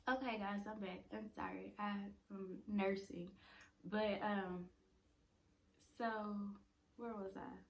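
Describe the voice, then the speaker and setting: A young woman in her twenties casually telling a personal story at home, chatty and animated. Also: medium pitch, slow pace, creaky, slight background noise. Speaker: vlogger. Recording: roomy echo.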